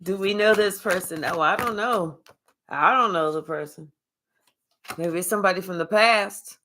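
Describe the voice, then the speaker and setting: A woman's voice: fairly low pitch, moderate pace, slight background noise. Sassy, cussing woman reading tarot. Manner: sassy, profane, animated street talk; chatty with live viewers. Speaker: tarot reader. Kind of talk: live tarot reading chat.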